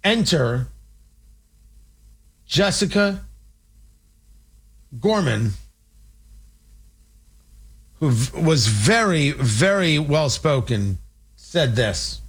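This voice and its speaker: A man with a fairly high voice delivers a heated opinion monologue as a talk show host. He sounds indignant and mocking, pressing each point with emphasis. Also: big pitch swings, very slow, pauses often, breathy edge.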